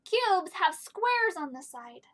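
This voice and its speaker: A woman teaching a home video lesson to young children, playful and gentle, asking them questions as she works. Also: very high voice, sing-song, takes it slowly. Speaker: kindergarten teacher.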